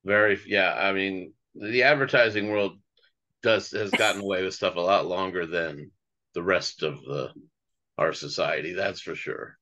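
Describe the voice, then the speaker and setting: A man hosting a casual interview, calm and affirming, with short acknowledgements and thanks to his guest. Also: deep voice, measured pace, lo-fi sound. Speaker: host.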